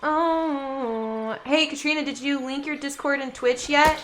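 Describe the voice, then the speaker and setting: High bright chatty woman streaming a game, giggly, talks baby talk to her cat, faint room hum. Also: steady tone, measured pace. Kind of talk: casual gaming livestream chat.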